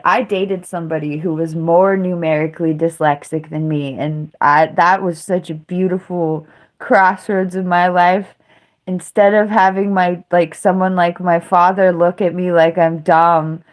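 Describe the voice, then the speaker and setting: A woman in her thirties livestreaming a casual monologue, rambling through a story with a self-mocking tone. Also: on the low side. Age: 30s. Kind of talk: casual live-stream monologue.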